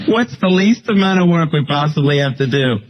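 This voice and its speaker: A man's voice: fairly high pitch, expressive, brisk, a little hiss or hum. A man co-hosting a talk radio show, cracking playful, mock-dramatic jokes. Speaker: radio co-host. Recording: dull radio broadcast.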